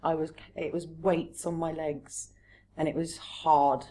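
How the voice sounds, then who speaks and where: Woman guest on a chat podcast, low voice, earnest and open, faint hiss behind. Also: little pitch movement, slow, mellow. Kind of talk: casual chat.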